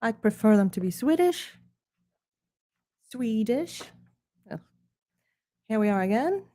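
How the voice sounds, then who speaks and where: A woman from Ukraine hosts a mock-snobbish book preview in a put-on British accent, in a slow, unhurried cadence. Her voice sits a little high yet sounds mellow and soft. Her delivery stays dry and sarcastic. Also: sing-song. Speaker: host reviewing her art books.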